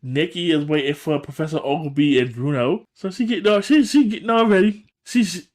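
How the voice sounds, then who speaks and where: Man, podcast co-host, casual recap, animated, acts out quotes, slightly high voice. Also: brisk. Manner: animated, acts out characters' lines in shifting voices. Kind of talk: casual chat recapping a TV episode.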